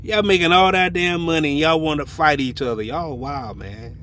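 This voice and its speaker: A man's voice: on the high side, moderate pace, a crowd in the background. A man joining a casual podcast chat with teasing, slangy, exclamatory banter.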